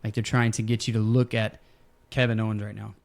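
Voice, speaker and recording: A man's voice: on the low side, level tone, a little fast, creaky. Man, podcast host, casual, storytelling, loose fillers. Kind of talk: casual wrestling podcast chat.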